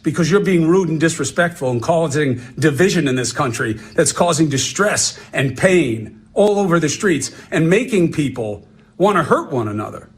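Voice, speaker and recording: A man's voice: a little high, expressive, moderate pace, slight background noise. A man in a television commentary clip, scolding in a lecturing tone.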